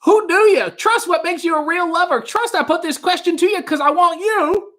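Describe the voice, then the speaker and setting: A man putting on a jittery, high-voiced crooning impression and singing a love song in a wavering, nasal voice. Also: moderate pace, fairly bright tone.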